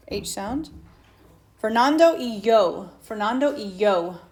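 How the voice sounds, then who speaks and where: A woman teacher, slowly and patiently walking students through a Spanish lesson and asking them questions. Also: fairly high pitch, a little mellow, a little hiss or hum. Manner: slow patient explaining, asks students questions. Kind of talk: recorded whiteboard lesson. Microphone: tablet mic.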